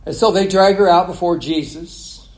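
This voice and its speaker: A man's voice: high-pitched, normal speed. A man preaching a conversational sermon, asking the congregation rhetorical questions.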